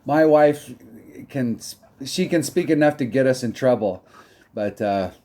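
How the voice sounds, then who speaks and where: A man's voice: mid-range voice, expressive, a little slow, dark tone. Joking American man, faint background noise. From United States. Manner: joking, self-deprecating. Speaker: mobile game player. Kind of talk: casual chat while gaming.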